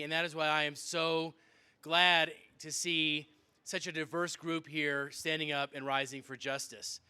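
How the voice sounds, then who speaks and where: A man's voice: on the high side, pushed and bright, clear, resonant tone. A man, a state legislator, giving an earnest, rousing speech to a rally crowd. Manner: earnest, rousing public address.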